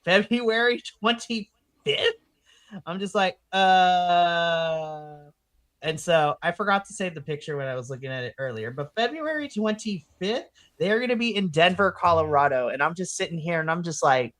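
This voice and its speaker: This co-host talks wrestling with loose, excitable energy, swearing freely and laughing between thoughts. The voice is bright and forward. The recording is dry and close. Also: medium pitch, fast, hardly any pauses, no echo. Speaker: podcast co-host. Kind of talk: casual wrestling chat.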